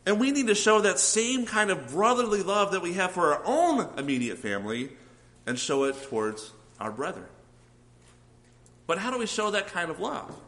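A man's voice: fairly high pitch, a bit bright, poor audio. A man preaching a sermon, earnestly putting questions to his listeners. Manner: earnest, asks the congregation questions.

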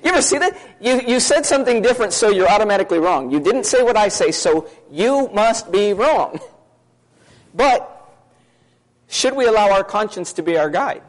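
A man preaching a sermon to his congregation, talking fast in a conversational way and asking many questions. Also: high-pitched, lively intonation, rough recording.

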